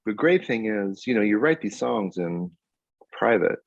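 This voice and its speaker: A songwriter in his fifties, appearing as a guest in a casual interview, tells stories with animation and laughs often. His voice is fairly low, a little slow, and has vocal fry. The recording is dry, dull lo-fi audio.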